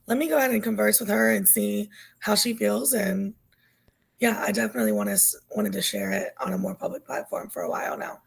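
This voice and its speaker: A woman's voice: mid-range voice, big pitch swings, a little fast, poor audio. A woman in her thirties, a guest on an interview podcast, telling her story earnestly while losing her voice. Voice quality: gravelly, husky. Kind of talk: candid personal interview.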